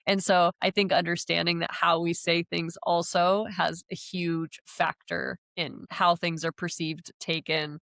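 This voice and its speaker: High-energy woman co-host, dry sound. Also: flat delivery, measured pace, gravelly, hardly any pauses, fairly bright tone, no room sound. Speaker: podcast co-host. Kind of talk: casual chat.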